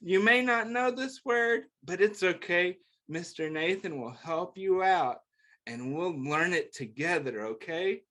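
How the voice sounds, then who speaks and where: Slow, gentle man reading to kids. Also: sits high, expressive. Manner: gentle, encouraging, asks the listener questions; slow, clear, playful sing-song delivery. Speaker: children's story time host. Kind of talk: reading a picture book aloud to young children.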